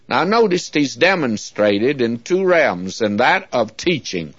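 A man's voice: mid-range voice, sing-song, unhurried, few pauses, dry recording. A man teaching the Bible in an earnest, folksy preaching style, often addressing his listeners as friends. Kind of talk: radio Bible teaching sermon. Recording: dull lo-fi dry recording.

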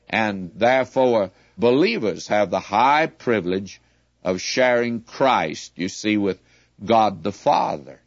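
A man teaching scripture at an unhurried, deliberate pace, stressing his key points. The sound is dry and close, with a slightly dull, lo-fi quality to the recording. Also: on the low side, dry recording. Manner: measured, explanatory, leaning on key words. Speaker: Bible teacher. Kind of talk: radio Bible teaching.

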